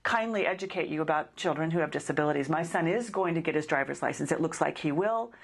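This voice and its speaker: A middle-aged woman telling a personal story in casual conversation, acting out the dialogue with animated shifts in her voice. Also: fast, gravelly, husky. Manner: animated, acts out dialogue with rising pitch.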